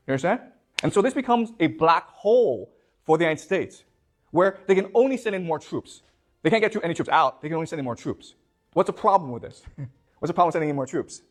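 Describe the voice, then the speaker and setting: A male professor from China lecturing a class, firing questions at the students and checking "okay?" after nearly every point, often repeating words as he pushes on. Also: a little high. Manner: quizzes the class with rapid questions, tags "okay?" constantly.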